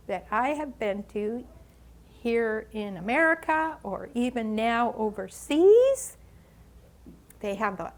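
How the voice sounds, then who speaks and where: An older woman telling a story dramatically at a ministry gathering, gasping, sighing and stretching out the suspense. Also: a little high. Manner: dramatic, with gasps, sighs and drawn-out pauses. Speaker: ministry speaker. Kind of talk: animated children's storytelling. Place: church gathering.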